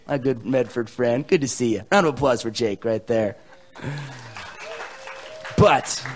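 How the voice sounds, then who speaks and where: A young American man preaching a sermon, joking with the crowd, swinging between loud proclamations and hushed near-whispers. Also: mid-range voice. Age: young adult. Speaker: pastor. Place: church hall with a live audience.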